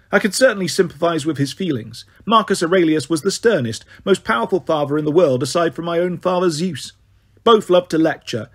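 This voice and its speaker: High, husky male audiobook narrator.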